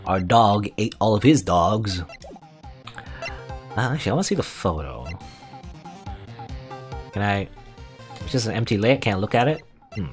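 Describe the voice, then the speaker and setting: Rambling male gamer thinking aloud. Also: on the low side. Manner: musing aloud, with many fillers and quick asides. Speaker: let's play gamer. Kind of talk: casual game commentary.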